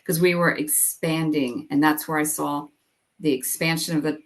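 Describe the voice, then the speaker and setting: A woman's voice: deep voice, steady tone, normal speed. A middle-aged woman telling her own story as an interview guest. She talks candidly, says "like" and "you know" often, and acts out her past thoughts.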